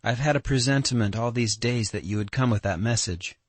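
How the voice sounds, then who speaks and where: A man's voice: mid-range voice, a little fast, dry recording, pitched above the performer's own voice, natural voice. A man reading an audiobook, voicing a proud, defiant young woman who falters and pleads in distress. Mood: distraught.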